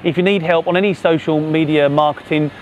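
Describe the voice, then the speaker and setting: A man's voice: a little high, fairly even intonation, fairly quick, slight background noise. A man co-hosting a local what's-on show, chatting casually and promoting local businesses. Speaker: co-host. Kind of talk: casual chat show banter.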